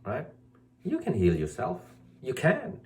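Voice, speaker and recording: A man with wildly swooping pitch and a slightly mellow quality speaks slowly as a spiritual teacher. Facing the camera, he delivers an emphatic, scolding sermon, repeats his arguments, and parodies people's excuses in a whiny high voice.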